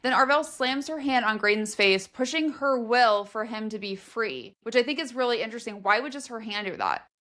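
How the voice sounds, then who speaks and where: A woman's voice: fairly high pitch, lively intonation, a little fast, few pauses, a bit bright. A woman co-hosting a book podcast, summing up a novel's plot in casual chat and dropping in short dry reactions.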